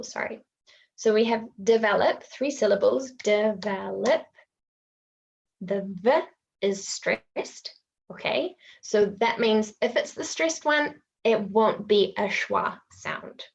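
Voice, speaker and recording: A woman's voice: medium pitch, gravelly, muffled recording. A woman with a New Zealand accent teaching English pronunciation in an online webinar, patiently repeating words so learners can copy them.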